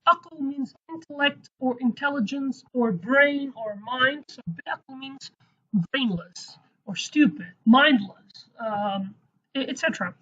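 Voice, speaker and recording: Brief: female teacher, slightly high, husky voice, chatty self-correcting delivery, dull lo-fi recording. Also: takes it slowly, fairly bright tone. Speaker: language teacher. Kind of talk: casual spoken lesson.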